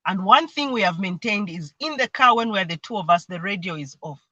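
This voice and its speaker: On a livestream held over a remote video call, a woman speaks earnestly as a mentee sharing her experience, explaining her family routines and sometimes imitating voices when quoting people. Her mid-range voice is lively in intonation, fairly quick, and sharp in tone, and the recording is dry with the highs cut off.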